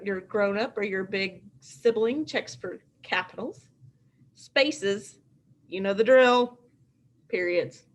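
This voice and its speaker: A middle-aged woman teaching a remote first grade writing lesson at home, in a sing-song, animated way, stretching out letters and sounds. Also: mid-range voice.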